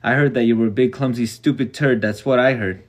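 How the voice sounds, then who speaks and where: A man voicing a calm, polite new boy with glasses who stays cool under threat, in a storybook reading. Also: mid-range voice, brisk, lightly acted.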